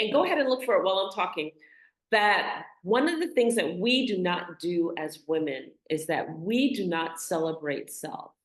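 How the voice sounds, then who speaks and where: A woman hosting a spiritual podcast, speaking in an earnest, affirming and meditative way. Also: on the low side. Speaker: podcast host. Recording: echoey room.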